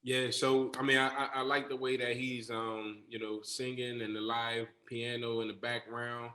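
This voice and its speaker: A man's voice: medium pitch, level tone, normal speed, pushed and bright, reverberant. A man judging a talent show, giving hesitant feedback full of fillers.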